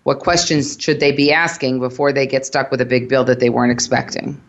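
A man's voice: mid-range voice, little pitch movement, brisk, vocal fry, lo-fi sound. Earnest man hosting a radio show. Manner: earnest, guiding questions, summarizing. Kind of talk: radio interview.

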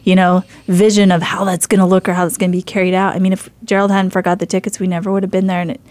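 A woman's voice: lowish voice, flat delivery, rapid-fire, a little mellow, no echo. Chatty middle-aged woman telling a story. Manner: chatty, rambling with many fillers and restarts. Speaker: faith show host. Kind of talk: casual storytelling.

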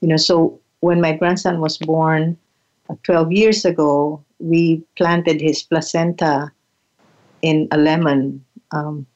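Older woman with a low, halting voice. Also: flat delivery, lo-fi sound. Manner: halting, repeats words, soft laughs. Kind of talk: reflective storytelling.

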